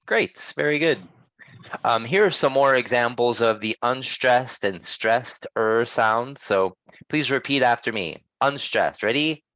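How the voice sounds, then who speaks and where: Slow, patient male pronunciation teacher. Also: mid-range voice, fairly bright tone, no echo, muffled recording. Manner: patient, checks in with "okay?" often. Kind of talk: online pronunciation lesson.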